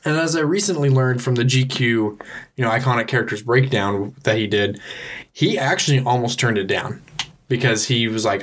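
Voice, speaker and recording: A man co-hosting a casual film podcast, speaking at a middling pitch. He explains things in loose, rambling sentences and restarts often. He is recorded on a podcast mic. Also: moderate pace, fairly bright tone. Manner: explains with many likes and restarts. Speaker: podcast co-host. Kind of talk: casual movie chat.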